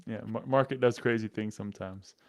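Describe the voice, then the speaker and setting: Podcast host guy, low smooth voice, chill jokey interviewer. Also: brisk.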